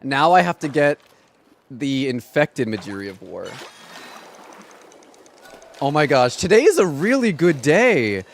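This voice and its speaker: A young man streaming a game, chatting casually in an excitable, dramatic and sarcastic way. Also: on the high side, measured pace, pauses often, a little hiss or hum. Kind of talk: casual gaming livestream chat.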